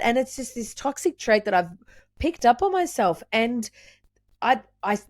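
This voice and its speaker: A woman's voice: a little high, very animated, a little slow, dry recording, clean studio sound. Candid laughing woman podcast host. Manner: candid, laughs often, swears freely. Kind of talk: casual conversation.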